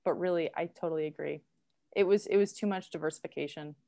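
A woman co-hosting a podcast in casual chat, chatty and quick to laugh. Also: low-pitched, vocal fry, mellow. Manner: chatty, laughs often, fillers. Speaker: podcast co-host.

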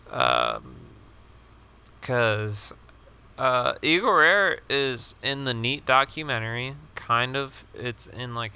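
A man's voice: mid-range voice, gravelly, bright, forceful tone, clear, resonant tone. A young man co-hosting a casual podcast chat, rambling with lots of fillers and casual swearing. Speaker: podcast co-host.

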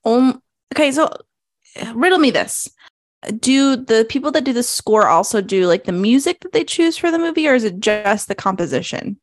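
A woman's voice: fairly high pitch, lively intonation, normal speed, no room sound, clean studio sound. A woman co-hosting a podcast in a casual, chatty way, laughing often. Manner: chatty, giggly, easygoing. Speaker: podcast co-host. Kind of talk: casual chat.

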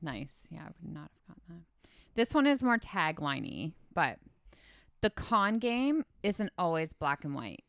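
A woman's voice: low voice, very animated, unhurried, gravelly, a bit bright, no room sound, clean studio sound. A young woman co-hosting a podcast, chatting casually with lots of likes and trailing-off sentences. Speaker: podcast co-host. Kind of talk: casual chat.

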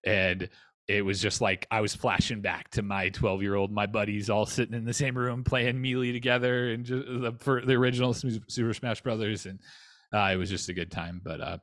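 Low-voiced dad chatting casually. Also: male voice, steady tone, brisk, a bit bright, no echo. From North Texas. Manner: rambling, frequent restarts and fillers. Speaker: podcast co-host. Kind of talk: casual chat.

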